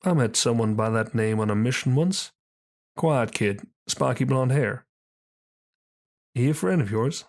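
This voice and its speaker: A man's voice: mid-range voice, lively intonation, a little slow, long pauses, a little mellow. A man voicing a casual, friendly young soldier in an easygoing, offhand way.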